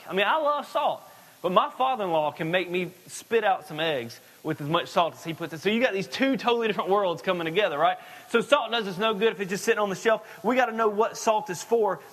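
A man's voice: high voice, fairly bright tone. A man preaching a sermon with an emphatic, repetitive cadence, often restarting his words. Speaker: pastor.

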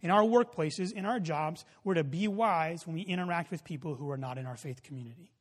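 A man preaching a sermon, telling a story in a loose, casual way with many fillers, then building to loud emphasis. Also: a little high, a little fast. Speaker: pastor. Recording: long hall reverb.

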